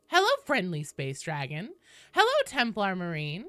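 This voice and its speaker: A woman's voice: a little high, big pitch swings, moderate pace, pushed and bright, smooth, no echo, studio quality. A young woman streaming a game, chatting casually and upbeat with viewers, swearing now and then and greeting people by name.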